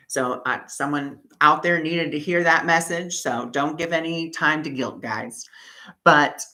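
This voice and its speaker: Bright-voiced man teaching a spiritual workshop. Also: a little high, a little slow, poor audio. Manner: animated storytelling, acting out his own past outbursts. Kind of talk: workshop teaching through personal story.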